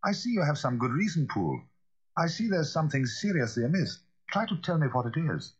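Man voicing sharp middle-aged lawyer, pressing questions, high strained voice, husky. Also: sing-song, dull audio. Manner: brisk, questioning.

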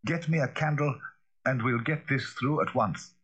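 A man's voice: mid-range voice, normal speed, a bit bright, breathy edge, highs cut off, voice pushed up. A man voicing an anxious old butler who talks in a fearful, pleading way. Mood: urgent.

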